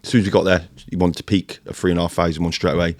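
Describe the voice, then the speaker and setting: Ex-serviceman on a podcast: deep voice, rapid, animated anecdotes. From United Kingdom. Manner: fast, sweary, animated storytelling in military slang. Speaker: podcast guest, former Royal Marine. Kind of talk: casual podcast chat.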